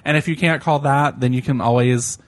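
A man's voice: medium pitch, fairly even intonation, a little fast. A man hosting a podcast in casual chat, giggly and swearing freely. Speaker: podcast host.

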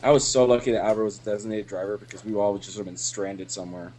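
A man's voice: on the low side, racing, a little hiss or hum. A man co-hosting a podcast, telling stories in casual, profane chat and laughing as he goes. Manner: profane, animated storytelling with laughs. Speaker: podcast co-host.

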